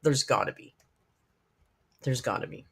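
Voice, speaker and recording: A woman's voice: a bass voice, unhurried, vocal fry, fairly bright tone, slightly rough. A middle-aged woman hosting a live stream, chatting frankly and casually with her viewers and swearing freely. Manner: frank, profane, chatty, talks straight to viewers in the chat. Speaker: live-stream host reacting to videos.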